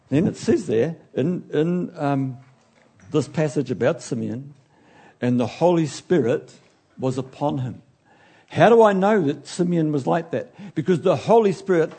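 A man preaching a sermon in an animated way, acting out the figures he talks about and now and then losing his place. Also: a little high, breathy edge. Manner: animated, acts out biblical figures, loses his place and laughs.

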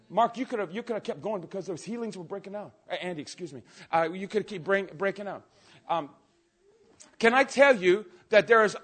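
A man preaching a sermon, telling stories with energy and swinging between quiet asides and loud outbursts. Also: sits high. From Canada. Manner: animated storytelling, swings from soft to shouting.

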